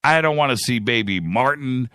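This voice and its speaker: A man hosting a radio show, speaking in a heartfelt, halting way with frequent restarts. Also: medium pitch, animated, bright, forceful tone, no room sound, clean studio sound. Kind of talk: heartfelt monologue.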